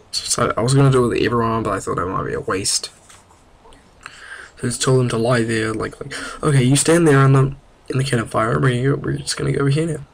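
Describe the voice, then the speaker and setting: A man's voice: mid-range voice, fairly bright tone, a little hiss or hum. A young man with a New Zealand accent, rambling casually and mocking himself over a strategy game. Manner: rambling, self-mocking, chatty. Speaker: gameplay commentator. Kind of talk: casual gameplay commentary.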